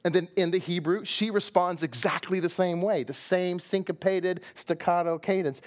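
This middle-aged pastor, a Texan with the accent to match, preaches a sermon and animatedly acts out the story with voices and sound effects. His voice sits high and moves at normal speed, with hardly any pauses.

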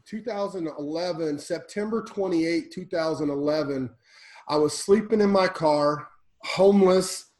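A man with a fairly high voice recounts his life on a podcast with fervent, preacher-like intensity. He surges loud and then sinks to a near hush. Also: low-quality recording. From Illinois. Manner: intense, preacher-like, swings between loud and hushed. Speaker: podcast guest. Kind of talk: emotional personal storytelling.

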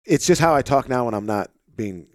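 A man hosting a podcast with an Arkansas-tinged Midwestern accent, chatting in a relaxed, rambling way full of fillers, recorded in a home office. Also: medium pitch, a little fast, no room sound, clean studio sound. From St. Louis, Missouri. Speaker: podcast host. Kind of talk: casual conversation.

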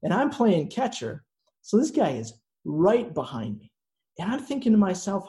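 A man preaching a sermon in a slow, earnest way, with dramatic pauses. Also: high voice, wildly swooping pitch, warm tone. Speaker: pastor.

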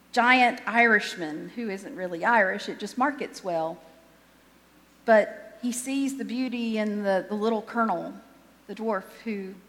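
A woman's voice: a little high, a bit bright, in a large hall. A woman pastor giving a sermon in a conversational, self-deprecating way, often restarting her sentences.

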